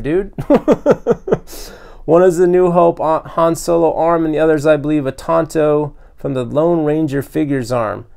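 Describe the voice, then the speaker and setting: A man hosting a toy collecting vlog, unboxing custom figures with loud, gushing excitement and frequent exclamations. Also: fairly high pitch, creaky. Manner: breathless from excitement.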